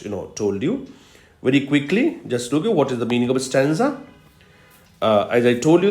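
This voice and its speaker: A man giving a recorded literature lecture, explaining patiently and repeating key terms slowly for emphasis. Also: mid-range voice, a little mellow. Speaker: literature professor. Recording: roomy echo.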